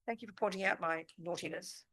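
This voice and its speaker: A woman's voice: lowish voice, fairly quick, fairly bright tone. A woman giving a live Buddhist teaching at a retreat. She speaks emphatically and often stops to ask whether the listeners understand. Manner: emphatic and forthright, often checking "do you understand?". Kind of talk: live dharma teaching with questions and answers. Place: meditation center teaching room.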